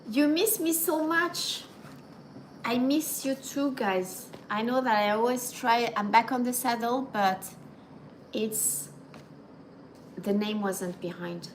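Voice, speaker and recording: A middle-aged woman from France, speaking with a French accent in a medium-pitched voice, hosts a casual livestream with background noise audible. She talks casually with viewers, slipping in French and Japanese words.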